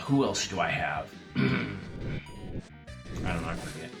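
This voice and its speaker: A man's voice: low-pitched, big pitch swings, extremely slow. A man hosting his gaming channel, chatting casually and rambling between jokes while he plays. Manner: rambling, jokey asides. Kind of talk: casual gameplay commentary. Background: faint game music.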